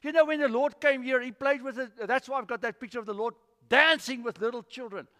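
Animated pastor preaching in a hall. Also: male voice, extremely high pitch, fairly quick. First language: Afrikaans. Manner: animated storytelling with acted-out voices. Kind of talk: sermon. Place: church.

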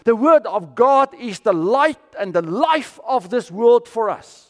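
South African pastor preaching in a reverberant hall. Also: male voice, extremely high pitch, expressive, a little slow. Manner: dramatic swings from loud to near-whisper. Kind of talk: sermon.

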